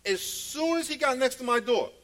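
Male preacher, high voice, playful storyteller, swings from loud to hushed. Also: animated, moderate pace. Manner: storytelling, playful, laughs at his own stories; sudden loud calls and drops to a hush. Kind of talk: sermon.

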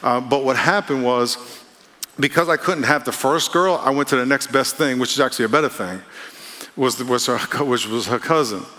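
A man preaches in a relaxed, conversational way, trading lines with his congregation and mixing jokes with earnest points. His voice sits at an everyday middle pitch. A long reverb from the church sanctuary trails behind every phrase. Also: normal speed. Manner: conversational, playful call-and-response with congregation. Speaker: pastor. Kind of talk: sermon.

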